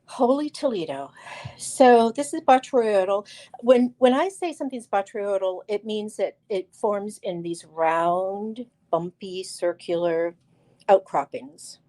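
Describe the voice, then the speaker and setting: A woman's voice: mid-range voice, lively intonation, takes it slowly, warm tone. Chatty woman hosting a live crystal sale. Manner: chatty, enthusiastic, frequent fillers and restarts; addresses viewers by name while showing stones. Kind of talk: live crystal sales show.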